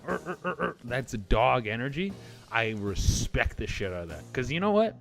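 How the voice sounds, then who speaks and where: A man's voice: medium pitch, animated, fairly quick. A man hosting a comedy reaction show, riffing casually with rambling, profane jokes between clips. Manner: rambling, profane, jokey riffs. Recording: music playing behind.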